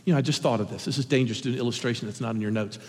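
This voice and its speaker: A middle-aged man preaching an earnest sermon as pastor, swinging between impassioned points and sudden hushed asides. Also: medium pitch, very fast. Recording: long reverb of a large hall.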